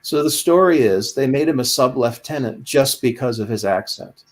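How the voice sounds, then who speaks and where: A man in a casual podcast chat, telling stories with lively, animated delivery. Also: mid-range voice, moderate pace. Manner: animated storyteller, slips into quoted voices.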